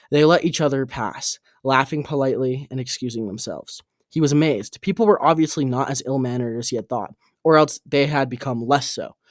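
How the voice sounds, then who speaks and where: A man reading an audiobook aloud, halting and correcting his own slips. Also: mid-range voice, no room sound, clean studio sound. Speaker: audiobook reader.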